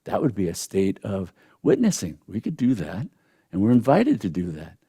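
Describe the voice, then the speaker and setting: An older man teaches meditation in a reflective, unhurried way. His mellow voice rises and falls with lively pitch, and he drops in soft thoughtful hums between points. The sound is dry and close. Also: husky, no echo. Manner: reflective, with soft "mm" and "hmm" pauses. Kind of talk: spiritual teaching talk.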